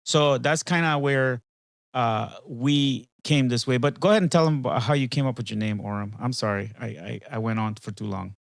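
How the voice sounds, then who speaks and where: A man's voice: medium pitch, moderate pace, creaky, no room sound. A man hosting a casual talk with an AI companion, rambling and hesitant, with frequent fillers and restarts. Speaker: podcast host.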